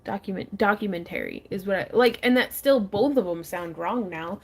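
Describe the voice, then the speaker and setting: A woman's voice: medium pitch, normal speed, few pauses, a little hiss or hum. A chatty woman hosts a casual craft livestream from her front porch, talking as she works. She greets viewers by reading their comments aloud and laughs often. Her voice sits close on the mic. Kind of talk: casual chat while crafting.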